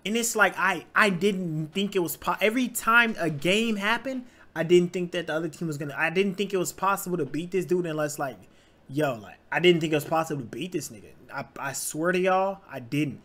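A young man hosts a sports reaction video, ranting casually in a high-pitched, fairly quick voice. He's animated and profane, stammering through restarts and repeating phrases.

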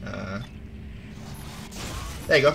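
A man's voice: lowish voice, animated, slow pace, creaky, fairly bright tone. A man co-hosting a let's-play, chatting casually and explaining the game while he laughs along. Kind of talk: casual gaming chat.

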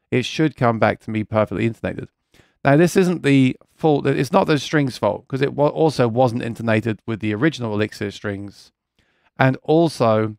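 Man, livestream host, gravelly voice, dry close sound, rambling and earnest. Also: mid-range voice, no echo. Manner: rambling, reads viewer comments aloud; earnest and keen about guitar gear. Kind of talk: casual live chat.

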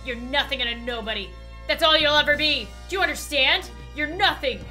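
A woman's voice: high voice, brisk, pushed and bright, faint music behind. A woman voicing a harsh, belittling male office boss in a game she reads aloud. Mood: contemptuous. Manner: cold, belittling, barking. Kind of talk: game dialogue read aloud.

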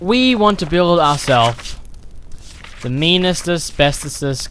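A man giving loud, excitable, profane let's-play commentary while playing a survival horror game. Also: on the high side, slow, slight background noise. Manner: excitable, profane, yelling reactions. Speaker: gaming channel host.

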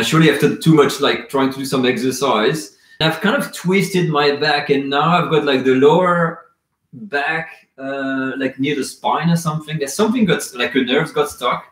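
A man's voice: medium pitch, fairly bright tone, echoey room. Rambling man hosting a live chat. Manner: casual, rambling, reads chat comments aloud. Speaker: cooking channel host.

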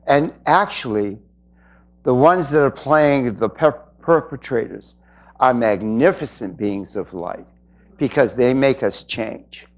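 Slow-spoken earnest man giving a spiritual talk. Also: medium pitch, lively intonation. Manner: earnest and reflective, with pauses. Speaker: spiritual speaker. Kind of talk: inspirational talk to an audience.

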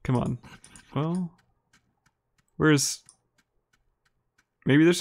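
A man from Minnesota with an Upper Midwest American accent, a live streamer giving relaxed, chatty gameplay commentary and reading viewers' messages aloud. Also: medium pitch, slow, pauses often. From Minnesota, United States. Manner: relaxed and chatty, laughs easily, talks to viewers by name.

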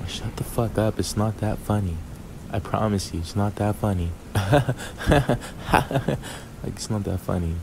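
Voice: sits low, a little slow, vocal fry, noisy background. A man playing an irritable young boyfriend in a role-play clip, scornful, swearing and repeating himself. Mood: contemptuous.

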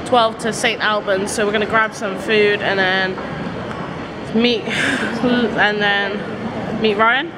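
A woman's voice: mid-range voice, steady tone, takes it slowly, heavy background noise. A young woman, talking in a chatty, jokey, rambling way while vlogging on a handheld camera. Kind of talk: casual travel vlog chat.

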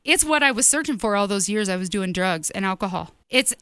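A woman's voice: mid-range voice, animated, a little fast, a bit bright, smooth, no room sound. A woman giving an earnest personal testimony sermon as host of her ministry show, speaking emphatically and directly to her listeners.

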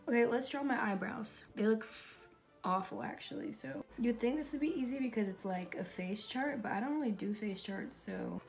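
A woman's voice: on the high side, normal speed, gravelly. A woman makeup YouTuber chatting casually and rambling in self-deprecating asides while she draws. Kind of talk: casual vlog chat while drawing. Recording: background music.

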